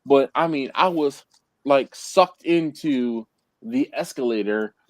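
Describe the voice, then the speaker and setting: Slow-talking man telling a story. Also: medium pitch, darkish tone, no room sound. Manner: rambling storytelling with frequent laughs. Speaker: host. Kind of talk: casual live-stream chat.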